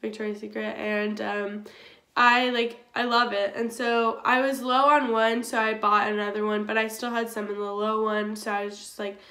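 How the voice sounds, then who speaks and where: A woman's voice: medium pitch, flat delivery, normal speed, pushed and bright. A young woman telling a storytime vlog in a chatty way, filling her talk with "like". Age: young adult. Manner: chatty, filler-heavy with frequent "like". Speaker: YouTuber. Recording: roomy echo.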